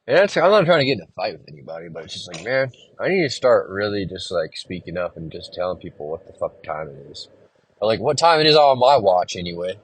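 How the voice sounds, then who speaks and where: A man's voice: low voice, very animated, fast, slightly rough. A man hosting a solo podcast, rambling casually and venting with a lot of swearing. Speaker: podcast host and musician.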